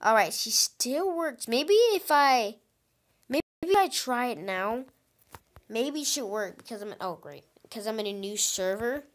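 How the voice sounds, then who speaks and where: An excitable woman with a fairly high voice gives running let's-play commentary. She talks directly to her viewers and keeps breaking into exclamations. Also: unhurried. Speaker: gaming channel host.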